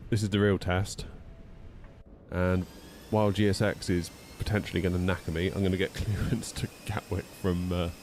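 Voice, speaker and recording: A man chatting casually while streaming a flight sim at home, voice jumping high when he gets indignant. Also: a little mellow, a little hiss or hum. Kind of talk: casual live-stream chat.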